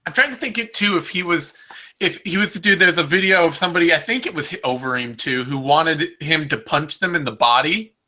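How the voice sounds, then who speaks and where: A man co-hosting a podcast in casual chat, animated and laughing as he mimics fighters. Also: fairly high pitch, a little fast. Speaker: podcast co-host.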